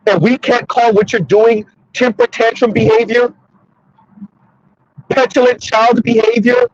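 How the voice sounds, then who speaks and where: A man in his thirties delivers sassy, preachy social commentary straight to his audience. His voice is fairly high and slightly husky. The sound is dry and dull, like a lo-fi recording. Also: lively intonation, measured pace, no room sound. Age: 30s. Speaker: commentary streamer.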